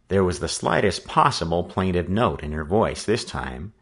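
A man narrating a story in an expressive, scripted reading style. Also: low-pitched, normal speed, husky. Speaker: audiobook narrator.

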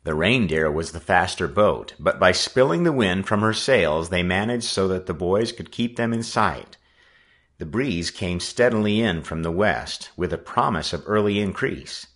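A man narrating an adventure story as an audiobook reader, with an animated reading manner. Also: sits low, normal speed.

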